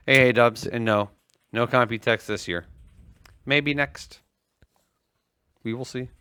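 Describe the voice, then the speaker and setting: A man's voice: medium pitch, slow, sharp tone, clear, resonant tone, no echo. A man co-hosting a livestreamed tech and gaming talk show, chatty and teasing in an easygoing way. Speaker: co-host. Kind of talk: casual tech chat.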